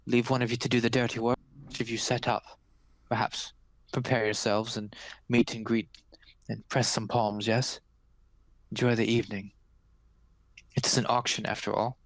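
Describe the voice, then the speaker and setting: A man voicing a scheming, coolly menacing noble widow of a powerful necromancer, with a measured delivery. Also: medium pitch, level tone, dry recording, lightly acted.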